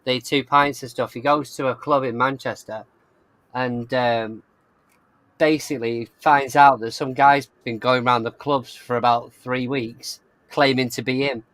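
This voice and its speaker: A man's voice: mid-range voice, steady tone, unhurried, fairly bright tone, dry recording. A man co-hosting a casual chat, winding through a long anecdote with restarts. His voice sits mid-range and sounds dry, close to the mic. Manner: rambling anecdote teller. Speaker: podcast co-host.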